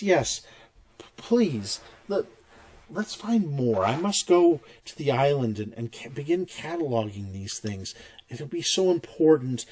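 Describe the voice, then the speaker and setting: A man voicing a meek, excitable woman scholar who stammers eagerly. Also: mid-range voice, lightly acted.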